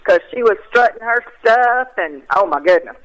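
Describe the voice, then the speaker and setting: A woman, a guest in a casual interview, telling stories in a folksy, animated way. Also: medium pitch, normal speed, low-quality recording. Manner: animated storyteller, folksy, laughs often.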